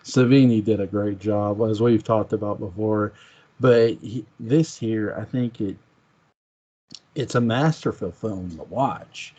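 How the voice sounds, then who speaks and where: A man's voice: fairly low pitch, a little slow, mellow. A man co-hosting a podcast, chatting casually and enthusiastically about a film and quoting its lines. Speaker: podcast co-host. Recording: dull lo-fi sound.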